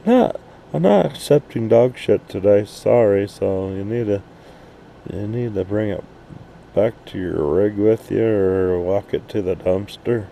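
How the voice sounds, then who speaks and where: Gravelly, dark-voiced man ranting slowly. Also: fairly low pitch, a little hiss or hum. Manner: profane, blunt, rambling. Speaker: RV vlogger. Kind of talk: casual rant to camera. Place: outdoors at night at an RV park.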